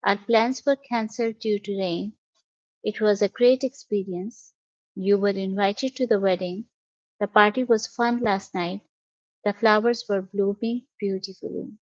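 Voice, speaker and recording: Slow, patient woman teaching English. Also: medium pitch, fairly even intonation, dry recording. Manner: patient, spells out each step. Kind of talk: slow, careful classroom explanation. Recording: dull, dry lo-fi audio.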